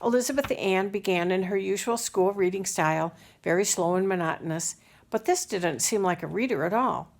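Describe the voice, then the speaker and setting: Woman, audiobook narrator for a children's classic, mid-range voice with vocal fry. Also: medium pitch, moderate pace. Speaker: audiobook reader. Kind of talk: scripted narration of a children's novel.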